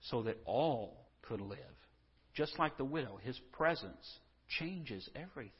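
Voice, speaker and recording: A man's voice: medium pitch, breathy edge. A male pastor preaching a conversational, earnest sermon and reading scripture in a church. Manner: conversational and earnest, with restarts and asides. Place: church sanctuary. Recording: dull lo-fi sound with long hall reverb.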